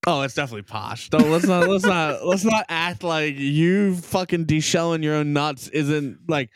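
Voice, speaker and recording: A man's voice: fairly high pitch, moderate pace, a little hiss or hum. A man co-hosting a podcast, chatting casually, teasing and arguing with heavy swearing. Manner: profane, teasing, argumentative. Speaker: podcast co-host. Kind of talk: casual banter.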